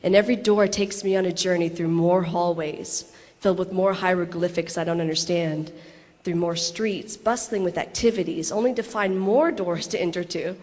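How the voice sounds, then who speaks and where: An actress in her thirties reads a personal story aloud as a letter to a convention crowd, adding laughing asides and briefly acting out quotes. Her fairly low, darkish voice stays fairly even in intonation, and the big hall lends it a long reverb.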